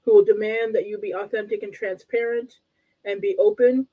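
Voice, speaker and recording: A woman's voice: mid-range voice, fairly even intonation, normal speed, phone-quality sound. A woman from Canada co-hosting a relationship talk show as a coach, wry and politely blunt, often laughing. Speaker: co-host and coach.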